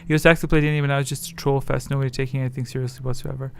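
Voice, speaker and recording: A man's voice: mid-range voice, little pitch movement, very fast, vocal fry, a little hiss or hum. A man chatting casually on his livestream, rambling and self-deprecating as his thoughts wander. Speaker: streamer.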